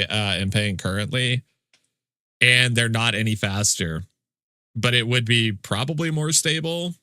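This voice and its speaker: Here a man streams a game and banters casually with viewers, tossing out playful, mock-outraged complaints laced with swearing. His mid-range voice has a sharp tone, captured in a dry, studio-quality recording.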